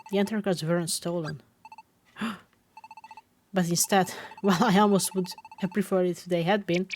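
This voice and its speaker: A woman's voice: fairly low pitch, steady tone, normal speed, a little mellow, a little hiss or hum, close to an everyday voice. A woman reading the lines of a worried female psychic fox creature in a game, earnest and apologetic, close to her own voice.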